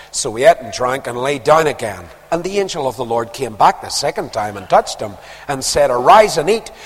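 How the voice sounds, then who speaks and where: A man preaching a sermon, reading verses aloud and stopping for quiet, conversational comments. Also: on the high side. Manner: reads verses aloud, then drops into quiet conversational asides. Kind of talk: sermon, reading scripture with asides. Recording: long reverb of a large hall.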